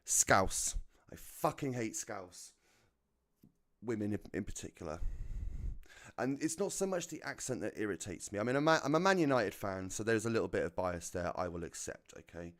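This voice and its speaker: Low-voiced chatty British man. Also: big pitch swings, moderate pace, a bit bright. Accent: neutral British English. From United Kingdom. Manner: chatty, swears freely, laughs at own jokes. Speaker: streamer. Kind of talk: casual chat while gaming.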